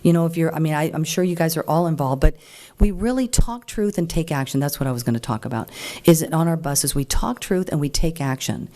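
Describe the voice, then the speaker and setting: A middle-aged woman addresses a meeting in a loose, plain-spoken storytelling style. Her voice sits low and mellow, and she jumps up to a higher voice for quoted lines. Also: brisk. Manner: chatty and animated, acts out quoted voices higher. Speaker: speaker at a political group meeting. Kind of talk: informal talk to an audience, storytelling.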